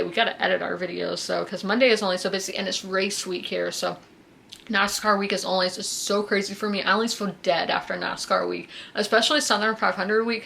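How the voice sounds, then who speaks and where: A woman's voice: medium pitch, gravelly, pushed and bright, slight background noise. A woman in her twenties from South Carolina, chatting casually about her weekly reading with plenty of fillers. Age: 20s. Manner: chatty, frequent fillers like "you know" and "um". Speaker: book vlogger. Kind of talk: casual chat.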